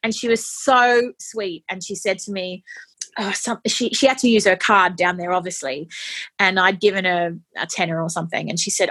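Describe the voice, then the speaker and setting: A woman telling a personal story in conversation, animated and laughing as she quotes others. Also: on the low side, normal speed. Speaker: interviewee.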